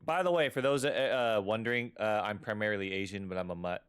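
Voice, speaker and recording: A man's voice: on the low side, quick pace, smooth. A man hosting a gaming channel, chatting casually and rambling with frequent fillers while playing. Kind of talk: casual gameplay commentary.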